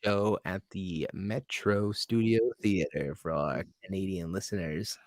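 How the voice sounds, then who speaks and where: A man's voice: low-pitched, steady tone, a little slow, dry recording. A man on a comedy podcast, rambling casually and filling gaps with "like". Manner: rambling, lots of likes. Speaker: comedian guest. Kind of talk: casual chat.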